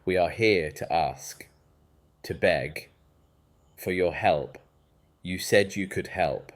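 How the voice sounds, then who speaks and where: A man's voice: deep voice, takes it slowly. A man doing a desperate proud brother. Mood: pleading. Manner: pleading, tight, bargaining.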